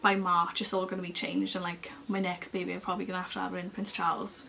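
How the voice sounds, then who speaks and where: A young woman, chatting casually to camera as she tells a long personal story in an expressive, lively way. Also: fairly low pitch, fast, gravelly. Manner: chatty and expressive, acting out other people's lines. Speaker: beauty vlogger.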